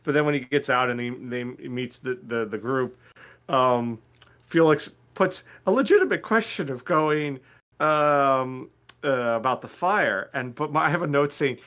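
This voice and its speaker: A man talking through a book on a casual podcast at a middle pitch. He rambles, restarts his sentences and fills pauses with "like". He laughs easily as he goes. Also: fairly bright tone, clean tone. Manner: rambling, with many fillers and restarts. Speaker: podcast co-host. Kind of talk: casual podcast chat about a novel.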